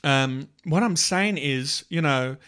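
A man co-hosting a casual faith talk, retelling Bible stories in an unhurried way with many restarts. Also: on the high side, fairly bright tone, smooth. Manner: slow, unhurried storytelling with restarts and laughs.

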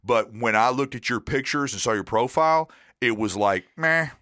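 A man's voice: mid-range voice, expressive, moderate pace, fairly bright tone, no room sound, studio quality. A man co-hosting a podcast in casual chat, telling a rambling, self-deprecating story with lots of fillers. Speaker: podcast co-host.

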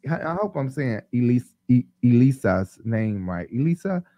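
Loose, rambling, high male live-stream host, dry mic. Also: big pitch swings, normal speed, warm tone, no room sound, rough recording. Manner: loose, rambling, many ums and laughs. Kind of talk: casual live-stream chat.

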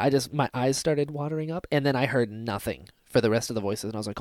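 A man co-hosting a casual fan podcast, talking excitedly and acting out scenes with sudden loud bursts. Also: mid-range voice, quick pace, few pauses, no room sound, clean studio sound. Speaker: podcast co-host.

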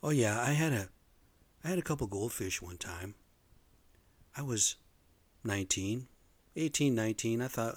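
A man's voice: mid-range voice, expressive, normal speed, long pauses, no echo. A man in his fifties telling personal stories casually, rambling and profane, often tacking "man" onto his sentences. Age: 50s. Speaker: storyteller.

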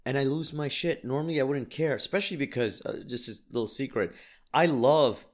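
A man's voice: medium pitch, a little fast. Exasperated man ranting about his day. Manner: animated, self-mocking, exasperated. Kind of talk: casual storytelling rant.

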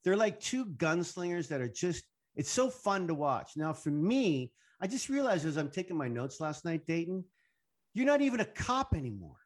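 A man's voice: a little high, big pitch swings, moderate pace. A man hosting a casual podcast interview, teasing his guest and swearing freely. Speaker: host.

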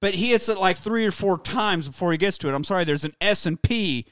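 A man hosting a podcast, recapping a movie in animated, profane casual chat. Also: high voice, fast talker, clean tone, no echo, studio quality. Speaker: podcast host.

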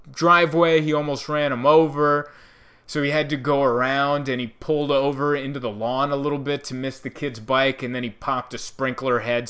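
A man doing a stand-up comedy bit, animated storytelling that acts out the people in it. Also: mid-range voice. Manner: animated storytelling, acting out characters.

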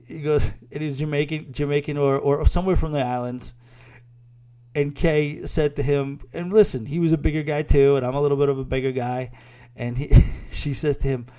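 A man hosting a casual review podcast, rambling and chatty, often trailing off and starting over. His voice is mellow and dark, at an average pitch for a man. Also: steady tone, fairly quick. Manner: rambling, chatty, with frequent fillers and restarts. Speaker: podcast host.

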